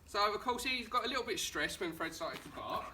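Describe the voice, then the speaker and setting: A man with an Essex accent, working as a dog trainer, calmly explaining training steps outdoors and giving short commands to a dog. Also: sits high, fairly quick. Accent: Essex English. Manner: calm, coaching, gives short commands to the dog. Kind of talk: on-location training instruction. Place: outdoors on a street during a home visit. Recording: distant outdoor camera audio with background noise.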